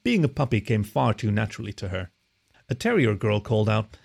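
A male narrator reading fiction aloud with an expressive, animated delivery. His voice has a gravelly, creaky texture and swings widely in pitch. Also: fairly quick. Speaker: storyteller. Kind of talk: scripted narration.

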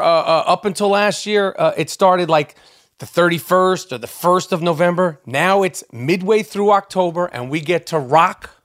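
In clean studio sound with no echo, a middle-aged man with a high, fairly bright voice hosts his podcast and vents at length. His angry, rambling rant is laced with profanity and keeps breaking into stammered restarts.

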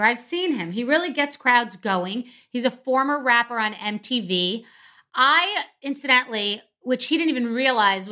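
Bright, animated woman ranting comically. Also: a little high. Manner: animated, rambling storytelling with many asides. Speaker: podcast host. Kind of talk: comic rant, then guest introduction.

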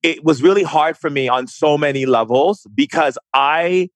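A man's voice: a little high, normal speed, no echo. Male guest, impassioned, frequent restarts, dry close mic. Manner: impassioned, repeats words and restarts often. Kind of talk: emotional conversation.

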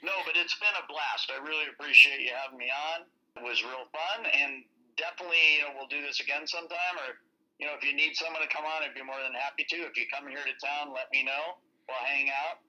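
Bright-voiced man on a dull remote line. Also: fairly high pitch, steady tone, fast talker. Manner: rambling, loose storytelling with many fillers. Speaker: podcast guest. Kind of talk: casual interview chat.

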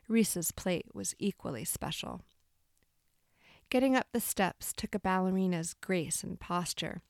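Calm woman narrating a literary story. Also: lowish voice, unhurried, no echo, studio quality. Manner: calm, even storytelling, with lightly voiced dialogue.

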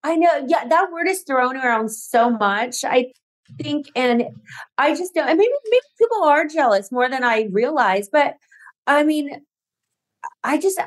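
High-voiced woman guest, halting chat. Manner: halting, lots of fillers and restarts, laughs easily. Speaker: podcast guest. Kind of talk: casual chat.

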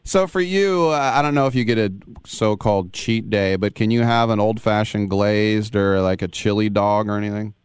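Smooth, low-voiced male radio host. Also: steady tone, normal speed, few pauses, no echo, studio quality. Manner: joking, playful questions. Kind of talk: radio interview.

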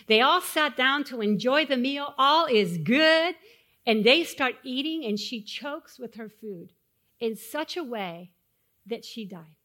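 A woman pastor giving a sermon, asking the congregation questions and dropping to hushed, solemn tones when telling stories of loss. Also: on the high side, lively intonation, unhurried. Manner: dynamic, swings from loud rhetorical questions to hushed solemn tones.

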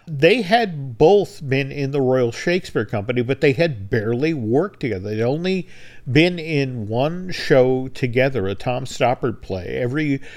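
A man's voice: mid-range voice, lively intonation, unhurried, darkish tone. A man co-hosting a podcast, casually retelling a behind-the-scenes anecdote and briefly acting out the quoted lines. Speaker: podcast co-host. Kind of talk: casual storytelling chat.

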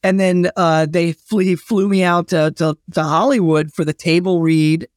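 Man, historian guest, higher-pitched, chatty anecdotal delivery, dry close sound. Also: steady tone, moderate pace, dry recording. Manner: anecdotal, chatty with fillers and restarts. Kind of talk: casual storytelling interview.

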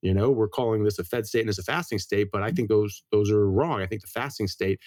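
A man's voice: on the low side, darkish tone, no room sound, clean studio sound. An American man in a casual interview, explaining things earnestly as a doctor and telling stories about his family. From United States. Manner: brisk, earnest, tells anecdotes. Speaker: guest, medical doctor.

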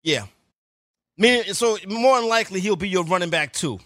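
A man hosting a fantasy football call-in show, quick and upbeat, steering the panel. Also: sits high, expressive, fairly bright tone, dry recording, studio quality. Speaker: radio show host.

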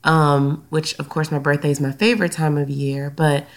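A woman's voice: low voice, flat delivery, normal speed. A woman with a Southern US accent hosting her own podcast in casual chat, slightly stuffy from a recent sinus infection, with frequent "um"s. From Louisiana, US. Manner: chatty, many "um" fillers. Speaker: podcast host and counselor. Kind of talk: casual solo podcast talk.

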